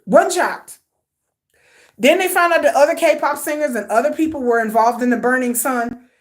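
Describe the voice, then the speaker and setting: A woman with a high-pitched voice hosts a livestream and speaks her mind bluntly. She is an older fan who talks in casual slang and calls her viewers y'all. She hammers her points home with repeated lists and rhetorical questions. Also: moderate pace. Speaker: host. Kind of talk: livestream commentary rant.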